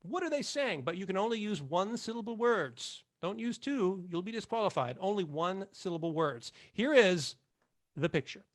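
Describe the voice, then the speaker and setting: A man's voice: high-pitched, lively intonation, normal speed. A man hosting a live online comedy game show over a video call, laughing often and reading audience jokes aloud.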